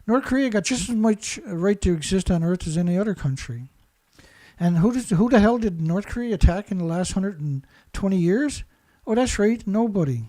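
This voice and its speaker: Ranting high-voiced man. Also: expressive, normal speed, mellow. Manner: ranting, insulting, repetitive. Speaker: show host. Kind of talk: angry monologue commentary.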